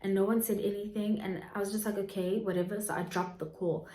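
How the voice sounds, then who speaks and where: A woman's voice: mid-range voice, fairly even intonation, brisk, mellow, roomy sound. A South African woman in her twenties telling a personal storytime to her viewers in a chatty way, full of fillers and asides. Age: 20s. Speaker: YouTuber. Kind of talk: storytime vlog.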